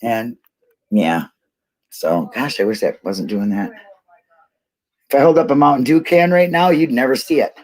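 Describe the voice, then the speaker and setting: A woman's voice: rumbling low, moderate pace, long pauses, a little mellow. A woman hosting a casual livestream, rambling and laughing as she talks to her viewers. She gets emotional easily. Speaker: YouTube livestream host.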